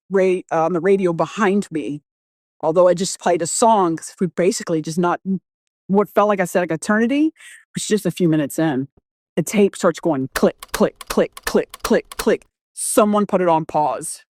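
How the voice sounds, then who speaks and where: Here a guest storyteller with a lowish voice and no room sound recounts her own frightening experience. Her telling wanders, with restarts, cursing, and lines where she quotes herself.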